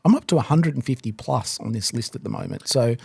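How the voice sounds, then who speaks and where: A man's voice: medium pitch, fast talker, creaky, a little mellow, breathy edge, dry recording. Upbeat man, dry close sound. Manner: swears casually, upbeat. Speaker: podcast co-host. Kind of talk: casual banter.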